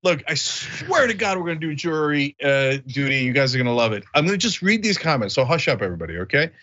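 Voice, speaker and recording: A man hosting a casual podcast, bantering and reading viewer comments, often jumping into high mock voices. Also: fast talker, dull audio. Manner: animated, jumps into high mock voices for quotes. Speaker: show host.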